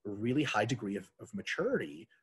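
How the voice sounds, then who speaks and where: An energetic man riffs as a podcast guest, cursing freely and joking around. His voice is a little husky, and his pitch swings widely as he talks. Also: fast. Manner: animated, profane, jokey. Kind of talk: casual podcast chat.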